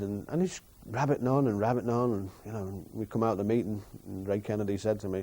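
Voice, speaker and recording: A man's voice: lowish voice, fairly even intonation, fast, few pauses, mellow. A former player in a documentary interview, recalling his manager and acting out quoted speech. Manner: anecdotal, acts out quoted speech.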